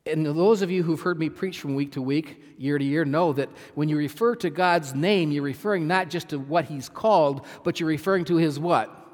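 A man preaching a sermon as pastor, emphatic, repeating phrases and swinging from loud to soft. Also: fairly high pitch, normal speed, big-room sound. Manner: emphatic, repeats phrases, swells and drops in volume.

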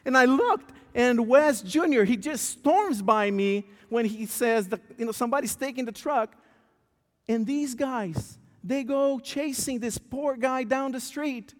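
A male pastor preaching a sermon, telling a story with lively, stammering restarts. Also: very high voice, a little slow. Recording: long church hall reverb.

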